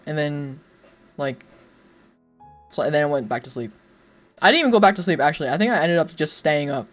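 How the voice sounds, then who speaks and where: A man's voice: on the high side, animated, brisk, fairly bright tone. A young man streaming, telling a story in a rambling, casual way, full of fillers and frequent laughs. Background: faint music.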